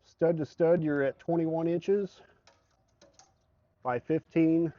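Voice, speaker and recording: This truck bed salesman has a slightly high voice and a steady tone, and he talks slowly. He walks through the product casually, explaining the specifications plainly, and the recording is dry and a bit dull.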